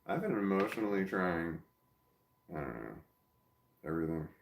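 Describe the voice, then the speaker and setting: A vlogger with a low-pitched, very animated voice and vocal fry talks at normal speed to his camera in a casual personal vlog. He's self-reflective and rambling, trailing off and restarting sentences, and uses soft baby-talk with his dog; the room has an echo.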